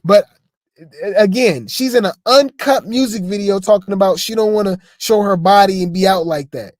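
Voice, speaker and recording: A man's voice: high voice, moderate pace, dry recording, clean studio sound. A man giving casual reaction commentary on video clips, chatty and stammering, throwing asides to his viewers. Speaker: commentary host.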